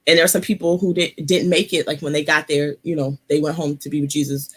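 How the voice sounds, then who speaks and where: A woman hosting a casual live-stream chat, talking softly because of an ear infection, laughing and chatty, sitting close to her computer mic. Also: sits low, flat delivery, quick pace, husky. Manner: chatty, laughing asides, many fillers. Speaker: host.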